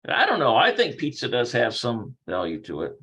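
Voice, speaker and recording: A man's voice: medium pitch, wildly swooping pitch, moderate pace, pushed and bright, husky, low-quality recording. A man teaching a casual livestreamed language lesson, rambling, thinking aloud and correcting himself as he goes. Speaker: Hebrew teacher.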